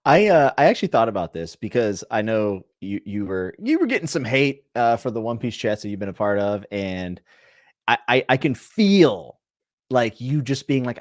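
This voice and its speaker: A man's voice: mid-range voice, very animated, moderate pace, dry recording, clean studio sound. A man hosting a casual podcast interview, asking curious questions. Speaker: podcast host.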